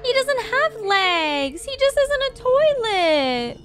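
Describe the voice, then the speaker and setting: A young woman hosting a reaction video, gasping and gushing with quick exclamations as she comments on animations. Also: very high-pitched, very animated, loud music behind the voice.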